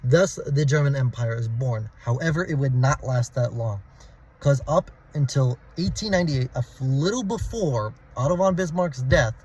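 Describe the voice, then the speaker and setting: Husky-voiced man telling history casually. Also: medium pitch, lively intonation, normal speed, darkish tone, low-quality recording. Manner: casual and informal, restarts and corrects himself, relishes dramatic moments. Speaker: history channel host.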